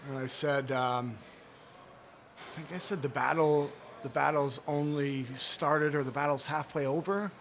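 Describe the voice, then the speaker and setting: Podcast guest, man in his thirties from Canada, sincere heartfelt storyteller, slightly high voice. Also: fairly even intonation, a little slow, a bit bright, slight background noise. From Toronto, Canada. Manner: earnest, heartfelt storytelling with fillers. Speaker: guest, former hockey player. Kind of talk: casual interview chat. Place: podcast studio inside a sports bar.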